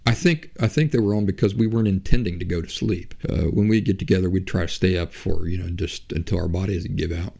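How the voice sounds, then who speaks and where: A man's voice: low-pitched, quick pace, vocal fry, hardly any pauses, mellow. A man hosting a podcast, telling a story in a loose, chatty, conversational way. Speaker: podcast host. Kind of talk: casual spoken storytelling.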